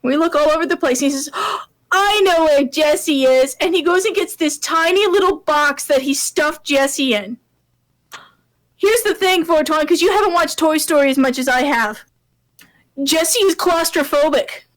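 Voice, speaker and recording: A woman's voice: high voice, moderate pace. A woman in her thirties, a guest on a live stream, chatting casually and telling a story about her son. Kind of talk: casual chat.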